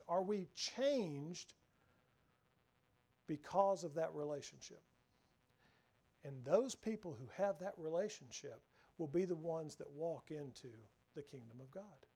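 A man preaching a sermon, earnest, swinging from raised emphasis down to hushed, near-whispered lines. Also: on the high side, animated, measured pace, gravelly, pauses often, husky.

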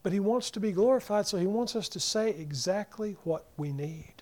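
A man preaching a sermon. He swings between loud emphasis and near-whispers and acts out the people in the scripture passages in quick voices. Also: high-pitched, animated.

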